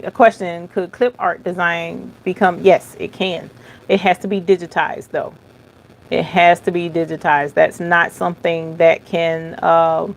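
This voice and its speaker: A middle-aged woman hosting an embroidery live stream, reading viewer comments aloud in a chatty, relaxed, folksy way and thinking aloud as she goes. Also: fairly low pitch. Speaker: embroidery channel host.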